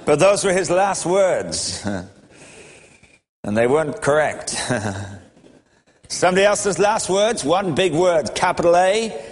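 Storytelling male preacher in a reverberant hall. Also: a little high. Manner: storytelling, wry with chuckles. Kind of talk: sermon.

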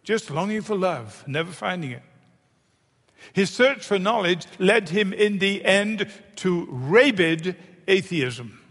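Male preacher, high voice, pushes his points hard, long echo in a big hall. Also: lively intonation, takes it slowly, fairly bright tone. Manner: emphatic, repeats phrases for effect. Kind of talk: sermon.

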